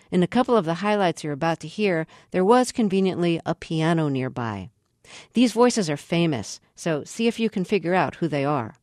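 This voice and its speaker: Low-voiced woman radio host. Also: darkish tone, no room sound, clean studio sound. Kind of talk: scripted radio narration.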